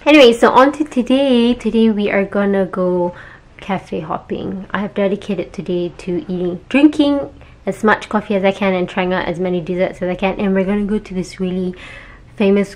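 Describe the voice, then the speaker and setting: A chatty young woman from Malaysia talks straight to camera in a casual travel vlog. Her pitch sits in a middling range, and she keeps things upbeat with quick asides and little jokes. There is no special coloring to her voice. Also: darkish tone. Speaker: travel vlogger.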